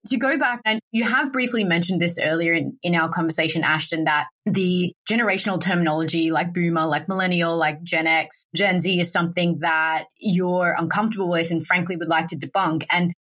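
A woman's voice: fairly low pitch, fairly even intonation, a little fast, hardly any pauses, fairly bright tone. A woman in her thirties co-hosting a podcast, self-deprecating and laughing easily. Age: 30s. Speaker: podcast co-host. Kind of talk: conversational interview.

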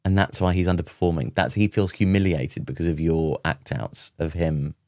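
A man co-hosting a comedy podcast, trading dry, wry, deadpan quips. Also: deep voice, moderate pace, no echo. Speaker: podcast co-host. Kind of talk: comedic casual chat.

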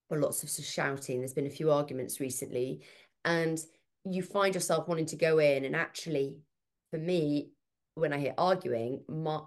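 A woman with a low, deep voice talks through ideas in a relaxed podcast chat. She is emphatic and animated, thinking aloud as she explains herself. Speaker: podcast guest, parenting speaker. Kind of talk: casual conversational interview.

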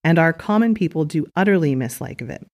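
A woman's voice: sits low, expressive, fast talker, a little mellow. A woman reads out the words of a blunt Scottish official in her own voice, earnest and defiant. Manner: earnest, read-aloud quotation.

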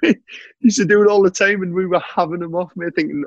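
A man's voice: high voice, fast talker, no room sound, lo-fi sound. A man, a former footballer telling laughing anecdotes in casual chat. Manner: laughing, animated anecdotes with lots of "mate".

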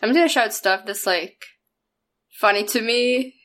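Slow-talking giggly woman player. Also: a little high, a bit bright. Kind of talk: casual chat.

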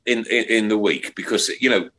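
A man's voice: lowish voice, normal speed, pushed and bright, a little hiss or hum. A middle-aged man hosting a podcast in casual chat, jokey and rambling, with many fillers and restarts. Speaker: podcast host.

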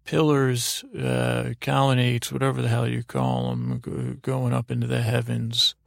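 Gravelly man rambling a bedtime story. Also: medium pitch, unhurried, no room sound, studio quality. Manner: meandering, full of fillers and restarts. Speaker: sleep story host.

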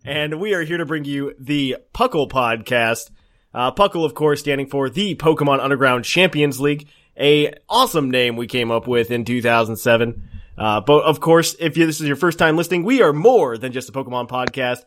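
A man hosting a casual podcast, upbeat and quick to laugh. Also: medium pitch, a bit bright. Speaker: podcast host.

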